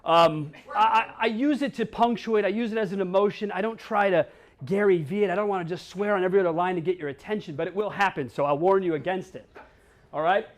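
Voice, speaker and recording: High-voiced and quick, a man from Wisconsin gives a keynote in a conference hall. He speaks bluntly, cracks jokes with the audience, and swears from time to time.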